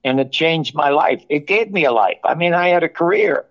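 An older man, a television producer, telling animated stories in an interview and acting out the dialogue. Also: a little high, normal speed. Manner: animated anecdote-telling, acts out quoted dialogue. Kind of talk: storytelling interview. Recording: muffled, lo-fi audio.

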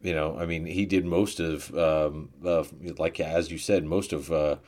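A man chatting casually about films, hesitant and halting with many fillers. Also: very deep voice, fairly even intonation, darkish tone. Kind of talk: casual film chat.

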